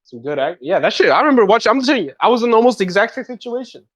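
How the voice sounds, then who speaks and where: Lively young man chatting casually. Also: high-pitched, racing. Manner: lively, laid-back, swears casually. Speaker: podcast co-host. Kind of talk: casual chat.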